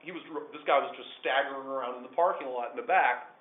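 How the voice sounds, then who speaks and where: A man telling a true story to a small group of listeners, animated, swinging between hushed and loud. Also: mid-range voice, fast talker, slight background noise. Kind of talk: live personal storytelling to listeners. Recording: echoey room over a tinny phone-like line.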